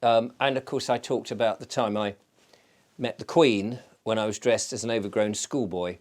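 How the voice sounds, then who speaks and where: A man's voice: fairly low pitch, fairly even intonation, moderate pace. Chatty, rambling male vlogger. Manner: digressive storyteller, chatty with many fillers. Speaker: channel host. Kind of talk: casual rambling vlog chat.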